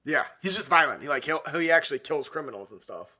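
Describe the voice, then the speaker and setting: A man's voice: fairly high pitch, expressive, quick pace, husky, dull audio. A man co-hosting a podcast, rambling casually with lots of fillers and fumbling, bothered by hiccups. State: hiccups and burping. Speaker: podcast co-host.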